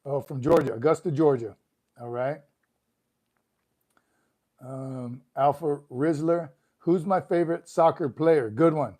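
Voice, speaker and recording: A man's voice: a little high, measured pace, long pauses, mellow. A man hosting a live stream, chatting casually and greeting viewers one by one as he reads their comments. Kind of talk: casual livestream chat reading comments. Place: room at home.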